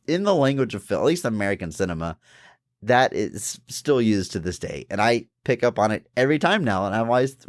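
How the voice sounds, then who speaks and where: Laughing frequently, a male podcast co-host with a lowish voice talks about a film in a relaxed, eager way. The sound is dry and studio quality.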